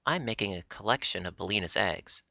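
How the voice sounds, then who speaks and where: A man voicing a gentle, kindly scarecrow with a mild, friendly manner in a storybook reading. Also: low voice, expressive, fairly quick, gravelly, dry recording, studio quality, full character voice. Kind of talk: audiobook character voice.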